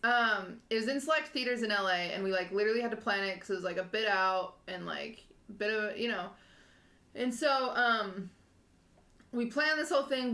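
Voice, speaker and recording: A woman's voice: medium pitch, pushed and bright. Woman co-host, twenties, rambling emotional storyteller, roomy echo. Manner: rambling, emotional, laughs often. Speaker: podcast co-host. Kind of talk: casual chat, animated storytelling. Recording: echoey room.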